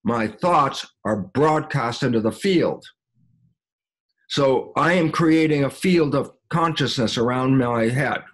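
A man giving an emphatic motivational talk, often checking in with the listener. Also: medium pitch. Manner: emphatic, keeps asking "okay?". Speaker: speaker.

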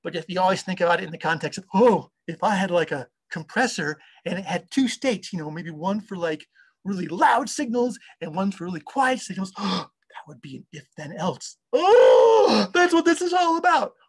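A man in his fifties, an audio software engineer, chatting casually in an interview and rambling enthusiastically as he interrupts himself. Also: sits high, lively intonation, fairly quick, slightly rough.

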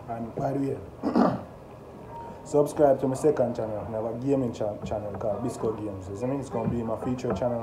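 A Jamaican man hosting a casual music reaction, talking excitedly and often asking "you see me?". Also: mid-range voice. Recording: echoey room with background noise.

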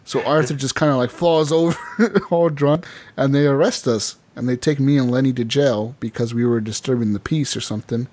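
A man hosting a casual gaming podcast, telling animated stories and laughing often. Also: medium pitch, fairly quick. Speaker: podcast host. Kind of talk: casual chat.

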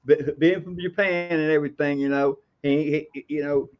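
A man's voice: a little high, steady tone, moderate pace. A man co-hosting a wrestling podcast, stammering and repeating words as he rants with heavy swearing. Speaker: podcast co-host. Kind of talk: profane wrestling podcast rant. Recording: dull lo-fi podcast audio.

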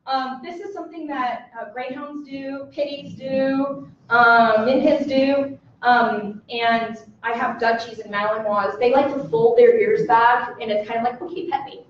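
A high-voiced woman teaching a class, animated and playful, often slipping into little voices for dogs and people. She is heard from a distance in a very echoey room with a dull sound. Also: a little hiss or hum. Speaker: dog trainer. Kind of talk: lecture to a live audience. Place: presentation room with audience.

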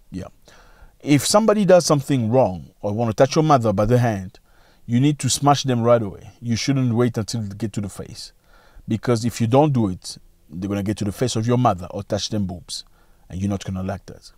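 A man argues about current events in an opinion-commentary video, emphatic and full of rhetorical questions, his pitch swinging widely. His tone is darkish, and there's no room sound.

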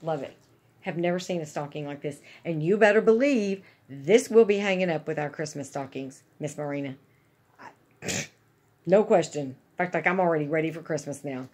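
A woman's voice: sits low, fairly quick, a little mellow. A woman chatting casually and gushing to her viewers about gifts she is unboxing. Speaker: vlogger.

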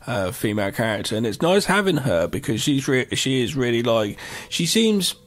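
A man's voice: mid-range voice, very animated, normal speed. A man co-hosting a podcast, chatty and joking, jumping in with asides. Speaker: podcast co-host. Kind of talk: casual film review chat.

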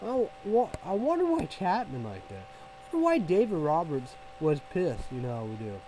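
A man's voice: a little high, huge pitch swings, moderate pace, warm tone, a little hiss or hum, low-quality recording. A man ranting casually as a vlogger, rambling and profane, leaning on "you know" as filler.

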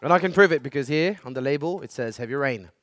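A man's voice: medium pitch, fast talker, dry recording. A man hosting a playful studio video series, joking and quipping as he presents. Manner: jokey, animated, sings snippets. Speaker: host.

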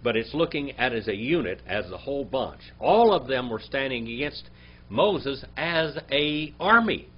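Slow, patient man teaching a Bible class. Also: mid-range voice, animated, slightly rough. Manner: quizzes the class, reads Hebrew words slowly. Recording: dull lo-fi classroom recording with faint hum.

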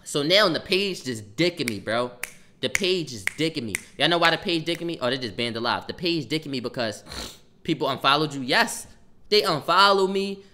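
A young man telling a story on a livestream in casual chat, animated and profane, breaking off to react to viewers' comments. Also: a little high, moderate pace, background noise.

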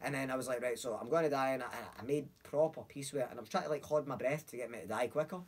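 A young man with a Glasgow accent, telling a story in a casual chat, animated, acting out voices and swearing freely. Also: medium pitch, racing, breathy edge. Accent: Scottish, Glasgow. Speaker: podcast guest.

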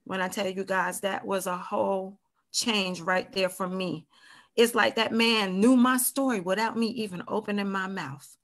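A woman's voice: medium pitch, steady tone, moderate pace, a bit bright. A woman telling her own survival story on a podcast, earnest and candid, often speaking straight to the listeners. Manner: earnest, addresses listeners directly as "you guys". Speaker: domestic violence survivor guest. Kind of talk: personal testimony on a podcast.

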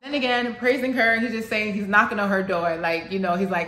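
A woman's voice: medium pitch, fairly even intonation, brisk, echoey room, over music. A woman casually explaining song lyrics to her channel's viewers, chatty and thinking aloud as she goes.

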